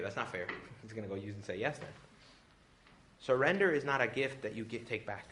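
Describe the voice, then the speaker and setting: Male priest giving a retreat talk, lively and jokey, acts out voices, faint background noise. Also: brisk. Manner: animated and joking, acting out quoted voices with big pitch jumps. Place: retreat venue with a live audience.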